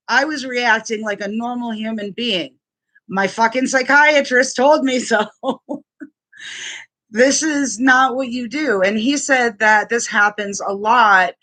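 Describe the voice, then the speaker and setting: A woman's voice: medium pitch, bright, forceful tone. A woman telling a personal story in a vlog, blunt and profane, raw and indignant, with many restarts. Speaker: vlogger sharing a personal experience. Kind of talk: angry personal testimony vlog.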